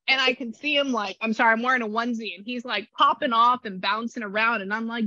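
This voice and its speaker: A woman giving a casual psychic reading, talking in an animated, rambling way full of exclamations. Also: on the high side, moderate pace, hardly any pauses, no echo, highs cut off. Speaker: psychic medium.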